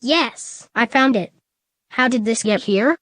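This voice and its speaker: Shadow, a woman doing a flat-voiced teen hedgehog. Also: extremely high pitch, slow pace, no echo, studio quality, heavily acted. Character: brooding teen male hedgehog, intent on a prize.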